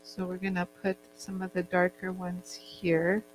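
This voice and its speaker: A woman's voice: fairly low pitch, monotone, unhurried. A woman teaching jewelry making in a casual, chatty way, joking with her crew as she works. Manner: chatty, jokey, laughs often. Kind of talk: casual demo chat. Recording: faint mains hum.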